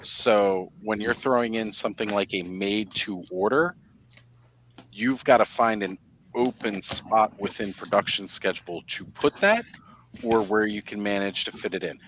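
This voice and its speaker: A man hosting a live stream, chatting casually and explaining at length in a relaxed, rambling way. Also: on the low side, measured pace, a little hiss or hum. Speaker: livestream host. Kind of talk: casual chat.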